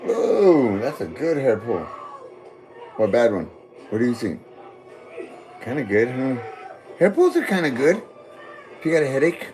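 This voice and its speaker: A man high on weed, rambling goofily in a meandering monologue addressed to God. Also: sing-song, a little slow, pauses often, darkish tone, faint music behind. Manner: goofy, meandering, talks to God. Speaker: vlogger. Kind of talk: rambling stream-of-consciousness monologue.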